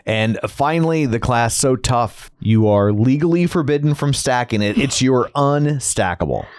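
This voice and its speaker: A man co-hosting a fitness news podcast in casual chat, joking in a wry, deadpan way. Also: mid-range voice, moderate pace, dry recording, clean studio sound. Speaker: podcast co-host.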